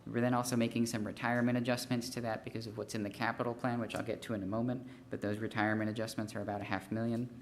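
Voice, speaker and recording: A man's voice: mid-range voice, flat delivery, rapid-fire, hardly any pauses, slight background noise. A man consultant giving a formal presentation at a city council meeting, methodical and figure-heavy, with frequent fillers and restarts. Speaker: consultant presenting a fee study.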